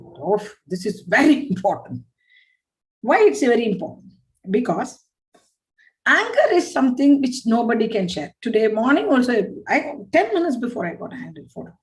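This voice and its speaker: A woman's voice: fairly high pitch, poor audio. A woman giving a parenting workshop, emphatic and repetitive, often acting out scolding parents. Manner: animated, acts out scolding parents in quick asides.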